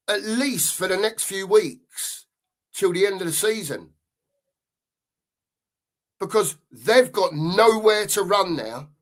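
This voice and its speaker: Angry sweary football fan host. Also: male voice, sits high, fairly bright tone. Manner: angry, sweary, repeats himself. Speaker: podcast host. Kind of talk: live-stream football rant.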